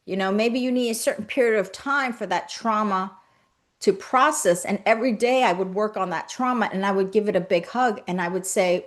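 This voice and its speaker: A woman hosting a live-streamed motivational talk as a spiritual coach, speaking in gentle, repeated affirmations and greeting viewers by name as she reads their comments. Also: mid-range voice, brisk. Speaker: spiritual coach and livestream host.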